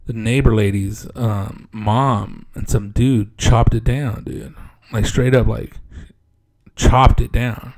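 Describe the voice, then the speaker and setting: A man spins a casual story in a gravelly voice with plenty of vocal fry. He talks loosely and swears freely. When he quotes other people, his voice jumps up and gets louder. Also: fairly low pitch, steady tone, slow. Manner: laid-back and profane, peppered with "dude"; acts out other people's lines in raised voices.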